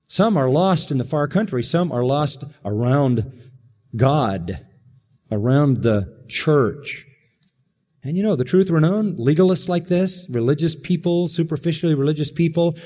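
An emphatic man preaching in a voice pitched a little higher than most men's. He leans into each phrase and breaks it up with dramatic pauses. His words ring out with the long reverb of a large hall. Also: warm tone. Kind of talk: expository sermon.

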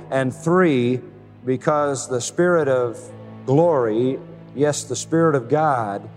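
A man preaching a sermon in an earnest, measured way, with slow emphatic pauses. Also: medium pitch, darkish tone. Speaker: pastor. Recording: hall reverb with faint music.

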